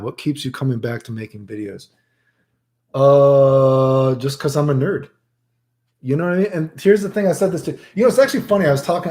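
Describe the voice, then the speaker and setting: A man chats to his stream audience in a loose, rambling way, full of swearing and filler words as he acts out his own stories. His tone is dark and mellow. The sound is roomy and echoey. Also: medium pitch. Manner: profane, rambling, animated retelling with many filler dudes. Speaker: streamer answering chat questions. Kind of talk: casual storytelling to chat.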